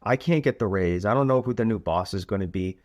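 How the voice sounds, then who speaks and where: A man voicing a flustered office worker who stammers and rushes his words. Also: on the low side, darkish tone, no room sound, clean studio sound, natural voice.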